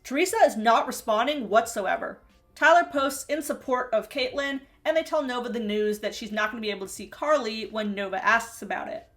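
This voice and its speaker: A woman's voice: fairly high pitch, a little fast, fairly bright tone, soft background music. A woman hosting a reality TV recap in a casual commentary style, snarky and chatty, laughing often between remarks.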